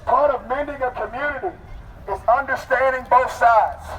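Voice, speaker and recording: High-voiced rally leader outdoors. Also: male voice, normal speed. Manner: leads crowd chants, loud and rousing. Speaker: protest leader. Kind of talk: rally call-and-response. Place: outdoor street protest. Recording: outdoor crowd and street noise.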